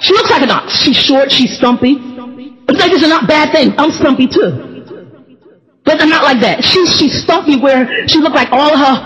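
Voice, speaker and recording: A woman tells a personal story, laughing often and getting emotional as she goes. Her voice sits very high and swings widely in pitch. The sound is muffled and carries a long echo, as in a large hall. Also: moderate pace. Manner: laughs often while talking, animated and emotional. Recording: dull echoey hall sound.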